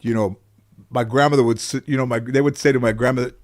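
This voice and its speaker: A man's voice: medium pitch, steady tone, quick pace. A middle-aged man from the Los Angeles area telling childhood stories in a casual interview, acting out his relatives' voices and swearing freely. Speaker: interview guest, comedian.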